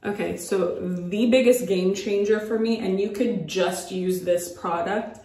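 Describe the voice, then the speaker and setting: Slow-talking, breathless woman vlogger. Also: medium pitch, a little mellow, echoey room. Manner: chatty, filler-heavy, demonstrating as she goes. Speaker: beauty vlogger. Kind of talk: casual makeup tutorial. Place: at home by a mirror.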